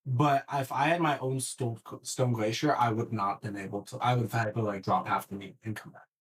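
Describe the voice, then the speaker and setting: Here a mid-range male voice rattles briskly through an animated podcast story, peppered with swearing and frequent false starts. The chat is casual throughout.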